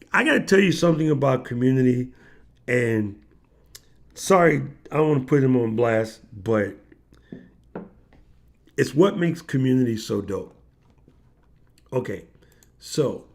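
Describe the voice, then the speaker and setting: A man with a gravelly, rough-edged voice hosts a livestream in loose, slangy chat. He tells stories with energy and puts on the voices of the people he quotes. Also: mid-range voice. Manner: animated slangy storyteller, acts out quoted voices. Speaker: livestream host. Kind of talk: casual livestream storytelling.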